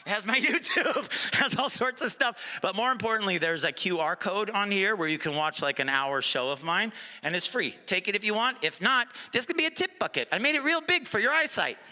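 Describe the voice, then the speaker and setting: Guy doing standup, loose jokey crowd banter, really animated up-and-down voice. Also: high-pitched, a little fast, few pauses. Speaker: stand-up comedian. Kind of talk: stand-up comedy set. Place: comedy club stage before a live audience.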